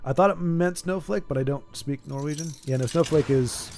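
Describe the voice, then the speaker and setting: A man's voice: on the high side, moderate pace, darkish tone, soft background music. A man streaming a card game playtest, chatting in a playful, rambling way and laughing easily. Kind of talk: casual chat while playtesting a card game.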